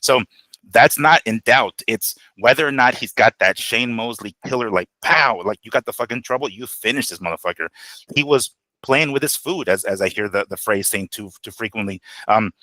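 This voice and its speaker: Man, boxing podcast co-host, bright forward tone, dry close mic, swears, animated breakdowns. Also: medium pitch, moderate pace, no echo. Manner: animated, profane, acts out quotes. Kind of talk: casual boxing analysis.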